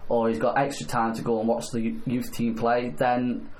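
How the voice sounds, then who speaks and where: A man's voice: medium pitch, completely flat delivery, moderate pace, a little mellow, low-quality recording. Rambling man in football chat, faint hiss. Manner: rambling, restarts sentences. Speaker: podcast co-host. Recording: faint background noise.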